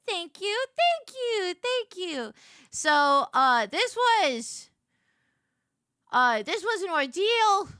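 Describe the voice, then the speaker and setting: Woman, live streamer, chatty animated storyteller, high voice, dry close mic. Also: clean tone, no room sound. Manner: animated, gets loud and fast when excited. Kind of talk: casual storytelling to a live chat.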